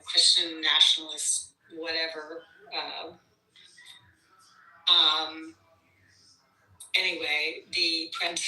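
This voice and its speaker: A woman calling in to a political show, indignant and halting, with lots of fillers. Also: low voice, bright, forceful tone. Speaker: caller. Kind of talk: call-in political opinion. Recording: echoey, distant from the mic.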